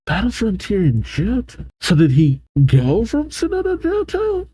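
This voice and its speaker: Man hosting a reaction video, animated pitch, musing casual talk, dry close sound. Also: measured pace, husky, no room sound, rough recording. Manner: musing, thinking aloud with many restarts. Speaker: reaction channel host.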